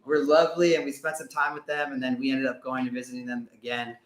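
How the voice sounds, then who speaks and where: A man's voice: medium pitch, little pitch movement, fast. A young American man co-hosting a travel vlog livestream Q&A, chatty and full of fillers. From United States. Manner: chatty, lots of yeah-yeah fillers. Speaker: travel vlogger co-host. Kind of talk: casual livestream Q&A chat. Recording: echoey room.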